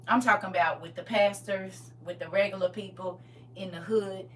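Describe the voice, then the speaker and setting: A woman giving an impassioned testimony, swinging between shouting and low intense talk with lots of emphatic repetition. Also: fairly even intonation, moderate pace, far from the mic, a little hiss or hum.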